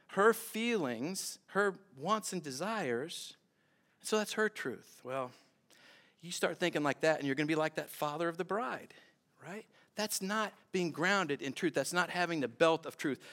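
A pastor preaching a sermon in a church, talking conversationally with asides and repeated phrases. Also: male voice, fairly high pitch, a bit bright.

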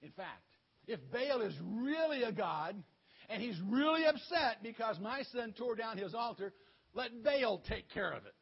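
A man voicing Joash, a fierce, protective older father who speaks in a low, menacing way in a children's Bible story. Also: animated, measured pace, vocal fry, husky, muffled recording, exaggerated voice.

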